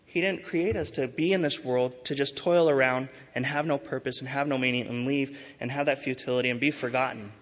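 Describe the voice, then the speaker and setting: A man preaching a sermon as pastor, earnest and urging, slowing to stress key words. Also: medium pitch, steady tone, fairly bright tone. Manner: earnest, urging, with emphatic rises and slow stresses. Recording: dull sound with long hall reverb.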